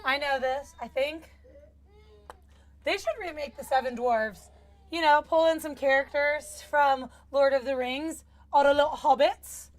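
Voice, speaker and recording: High-voiced playful woman co-host. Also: steady tone, measured pace. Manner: chatty, apologetic, playful. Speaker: youth group co-host. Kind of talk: casual live-stream chat. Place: home with small children.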